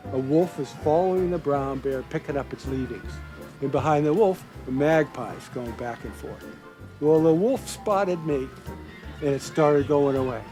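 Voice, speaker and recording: A man's voice: on the high side, poor audio. An older man who worked for a state park, telling a story in a documentary interview and acting out the quotes.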